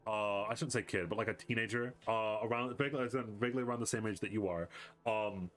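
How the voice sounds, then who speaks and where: A man's voice: on the low side, fast, fairly bright tone, soft background music. A man narrating as game master, describing the scene with lots of fillers and self-corrections.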